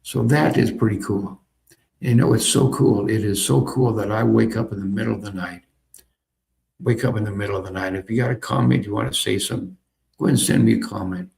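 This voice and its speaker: A man's voice: lowish voice, fairly even intonation, brisk, creaky, darkish tone. A man casually talking through a learning game as he clicks along, thinking aloud and repeating himself. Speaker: software demonstrator. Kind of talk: casual screen-recorded tutorial.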